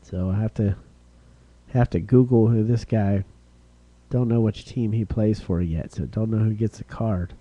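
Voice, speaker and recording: A man hosting a live-streamed card break, calling out each card and who gets it, getting excited over rare hits. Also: on the low side, measured pace, dry recording, dull audio. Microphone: streaming setup.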